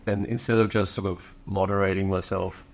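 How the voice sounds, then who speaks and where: A man's voice: sits low, little pitch movement, fairly quick. A man hosting a podcast interview, chatty and sharing his own experiences. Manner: chatty, shares own stories. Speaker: podcast host. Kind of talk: casual interview chat.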